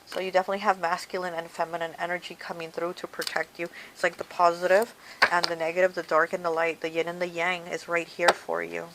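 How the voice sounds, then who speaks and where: Against a very noisy background, a woman speaks fast in a lowish voice with a level tone. Doing a casual tarot reading, she chats directly to the viewer, frequently dropping "okay" and "you know."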